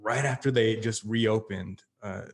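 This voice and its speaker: Laid-back man with a lowish voice. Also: measured pace. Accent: Texas. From El Paso, Texas. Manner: laid-back, swears freely. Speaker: podcast guest, comedian. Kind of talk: casual chat.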